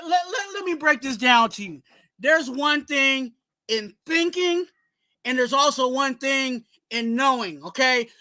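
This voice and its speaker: A man hosting a fan sports show, ranting heatedly and often shouting, with lots of "you know what I'm saying". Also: very high-pitched, no room sound. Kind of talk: casual sports talk, ranting segment.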